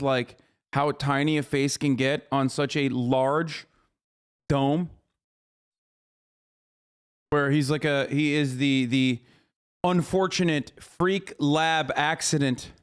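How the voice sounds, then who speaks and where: A man reacting to clips on his live stream, casual and openly incredulous. His voice sits a little high, and his delivery is loose and mocking.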